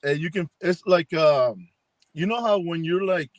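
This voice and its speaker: A man with a fairly high voice tells a spooky story in a loose, rambling way. He acts out what people said and fills his speech with lots of fillers. The sound is dry, as if on a video call. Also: expressive, a little slow, no echo. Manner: rambling, acts out quoted dialogue with many fillers. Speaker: paranormal investigator guest. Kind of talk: casual storytelling on a live chat.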